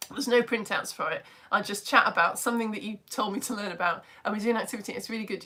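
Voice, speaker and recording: A British woman, a physics teacher, chatting brightly on a live-stream lesson and hopping between asides. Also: mid-range voice. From United Kingdom. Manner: bubbly, chatty, jumps between topics, quick asides. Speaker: physics teacher and livestream host.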